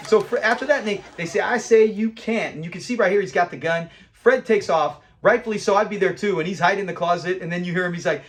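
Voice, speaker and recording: A man hosting a casual episode review, animated and acting out lines from scenes. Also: high voice, slight background noise. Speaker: show host reviewing episodes.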